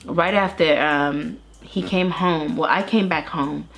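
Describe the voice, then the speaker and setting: A woman's voice: sits low, slow pace, creaky, a bit bright, faint music behind. A woman in her thirties, an interview guest earnestly telling her own story with many restarts. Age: 30s. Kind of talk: candid personal testimony.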